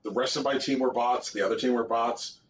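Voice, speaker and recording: A man's voice: medium pitch, steady tone, fairly quick, slight background noise. A man co-hosting a podcast, telling long sarcastic stories in casual chat, full of fillers. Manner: rambling, sarcastic storytelling with many fillers. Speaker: podcast co-host. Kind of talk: casual chat reviewing games. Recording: dull lo-fi sound.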